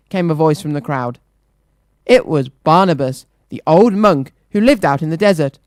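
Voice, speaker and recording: A children's radio presenter reading a picture book aloud, lively and rhythmic. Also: medium pitch, moderate pace, no room sound.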